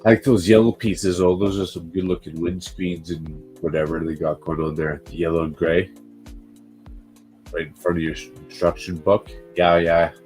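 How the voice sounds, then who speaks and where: A man's voice: sits low, steady tone, normal speed, a little mellow, soft background music, low-quality recording. A man with a stuffed-up, congested voice chatting on a livestream in a joking, offhand way. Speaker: guest on livestream. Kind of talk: casual chat.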